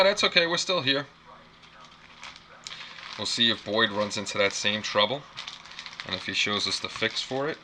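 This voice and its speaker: A man hosting a casual live unboxing stream from a small apartment, rambling, repeating himself and reacting to chat. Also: lowish voice. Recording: clear background noise.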